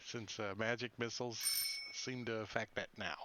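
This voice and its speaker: A man narrating as game master of a tabletop game, lively and chuckling often. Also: fairly low pitch. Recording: slightly muffled online audio.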